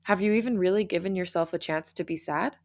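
A caring young man speaks softly but firmly, read by a woman in her own slightly low voice. He is gentle and patient in this read-aloud romance story. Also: fast talker, close to an everyday voice. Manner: soft but firm.

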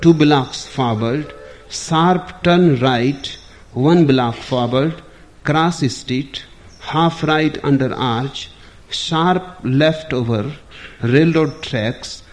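A man's voice: medium pitch, very slow. A man voicing a brusque, efficient man who barks out clipped commands.

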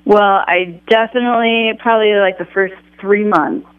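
High-pitched male guest, halting and thoughtful, muffled lo-fi sound, dry. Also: fairly even intonation, smooth, dry recording. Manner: halting, many fillers, thoughtful. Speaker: author guest. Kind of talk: conversational interview.

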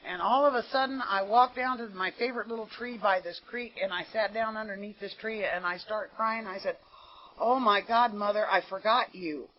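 A woman's voice: mid-range voice, steady tone, brisk, hardly any pauses, slight background noise. An American woman giving an earnest, conversational recovery testimony at a meeting, often saying "you know". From United States. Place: meeting room. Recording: dull lo-fi meeting tape.

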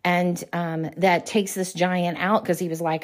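A middle-aged woman coaches business owners in a faith-based talk with a slightly low voice. She preaches earnestly, repeating pointed questions and pausing for emphasis. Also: level tone.

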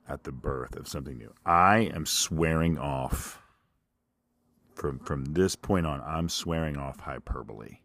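A man with a Kentucky accent, very low-pitched, spins a rambling, self-mocking comic story as a podcast host. His voice sits close and dry on the mic, and he gets louder when he quotes himself. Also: no room sound. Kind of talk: storytelling monologue.

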